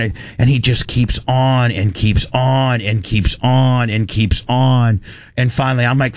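A man hosting a radio talk show, telling a story in an animated, ranting way with frequent restarts. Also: medium pitch, a little slow, no room sound.

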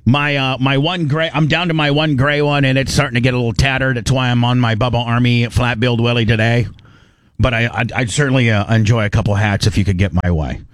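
A man's voice: medium pitch, steady tone, brisk, dry recording. A man co-hosting a radio show, chatting casually in a rambling, joking way with lots of restarts. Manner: rambling, jokey, trailing restarts. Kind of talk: casual studio banter.

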